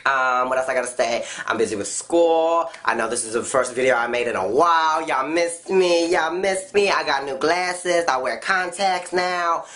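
A woman's voice: normal speed, hardly any pauses. A woman vlogger delivering a blunt, profane comedic rant straight to camera, her voice jumping around as she goes. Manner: blunt, swears constantly, animated jumps in pitch.

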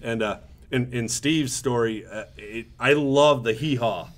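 Laid back guy on a podcast reminiscing, lots of likes and uhs, middle pitch. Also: measured pace, slight background noise. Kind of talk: casual chat.

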